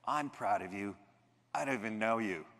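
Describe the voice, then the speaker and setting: A man voicing a huge, kindly male customs official, speaking low, slow and hushed like a father. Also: expressive. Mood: gentle, solemn. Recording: echoey convention hall.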